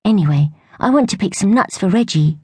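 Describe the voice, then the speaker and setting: A woman's voice: medium pitch, expressive, a little fast, breathy edge, no echo, clean studio sound, voice pushed up. A woman voicing an eager, kind young female squirrel. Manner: bright and eager.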